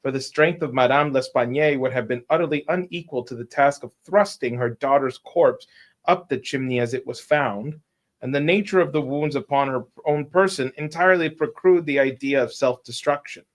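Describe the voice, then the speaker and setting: A man's voice: mid-range voice, normal speed. A man reading a classic detective story aloud on a casual live stream, taking a detective's long speech, stumbling now and then and restarting words.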